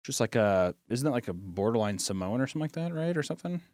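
Rambling young man, lively pitch. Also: fast talker, no room sound. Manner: rambling, filler-heavy, animated laughing outbursts. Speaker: podcast co-host. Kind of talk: casual chat.

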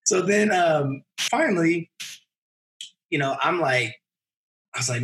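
A man in his thirties, a podcast guest, telling a personal story in a casual, animated way and acting out the people in it. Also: on the high side, slow pace, pauses often. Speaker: podcast guest, mountain runner.

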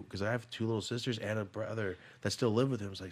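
A man with a lowish voice hosts a podcast in loose, casual chat. He swears freely and tells his stories bluntly, sliding from quiet grumbles into loud, animated bursts when he plays out what others said. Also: fast talker, slight background noise. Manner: profane, blunt storytelling that acts out quoted voices; swings between low mutters and loud bursts. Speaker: podcast host.

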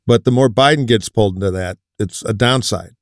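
A man hosting a political panel discussion, brisk and wry with strong opinions. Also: lowish voice, dry recording, studio quality.

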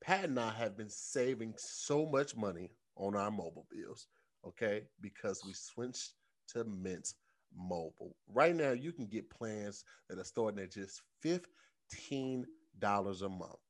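A man co-hosting a comedy podcast, talking in an animated, slangy way and reading an ad casually. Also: lowish voice, a little slow. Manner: animated, slangy, repeats words for comic effect. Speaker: podcast co-host. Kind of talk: casual chat and host-read ad.

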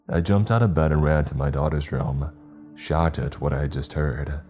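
A male horror narrator reads in a measured, steady way, his voice extremely deep and dark. It carries a husky texture, with faint music running under the reading.

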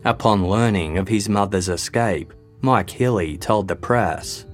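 Low-voiced man narrating true crime. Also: unhurried, faint music behind.

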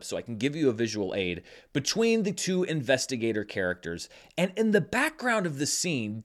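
Animated male film critic, lively voice. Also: on the high side. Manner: animated, incredulous, wry. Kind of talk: scripted film review.

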